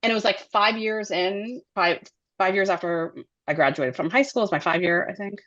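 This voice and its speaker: A woman who directs and produces children's television chats as an interview guest, animated and full of fillers. Her mid-range voice runs a little fast, and the sound is lo-fi.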